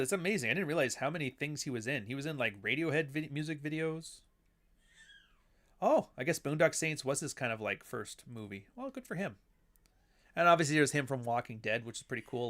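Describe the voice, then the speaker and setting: A man chatting loosely on a livestream, drifting from one topic to the next with plenty of casual swearing. His voice sits at an ordinary middle pitch as he reads out and answers the chat. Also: brisk, a bit bright. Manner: rambling, profane, reads chat aloud. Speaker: livestream host.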